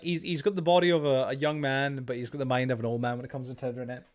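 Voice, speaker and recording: A man's voice: medium pitch, fairly even intonation, fast, few pauses. A man live-streaming a game, chatting casually with friends, rambling with lots of "like" and "bro" and teasing them. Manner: joking and teasing. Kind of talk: casual live-stream chat while playing.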